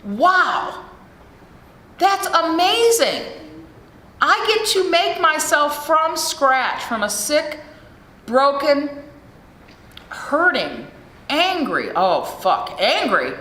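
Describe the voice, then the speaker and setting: A woman's voice: high voice, very animated, extremely slow, pauses often, pushed and bright. A middle-aged American woman giving a frank, profane recovery talk at a meeting, speaking into a podium mic in a large hall. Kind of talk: recovery share speech. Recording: echoey hall with faint room noise.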